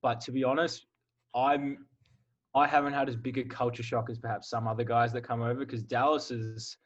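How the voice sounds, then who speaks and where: Aussie guy in his 20s, easygoing interview chat, pretty monotone, says like a lot. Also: medium pitch, moderate pace, highs cut off. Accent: Australian. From Australia. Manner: relaxed, candid, filler-heavy. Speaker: guest, college football player. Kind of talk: casual podcast interview.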